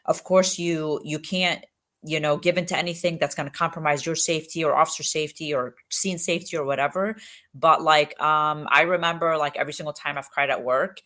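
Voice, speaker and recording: A woman police officer from Egypt, telling her stories in an interview with earnest emphasis and quick bursts of speech. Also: low voice, steady tone, fairly bright tone. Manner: earnest, emphatic, fast bursts with many fillers. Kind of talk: candid interview storytelling.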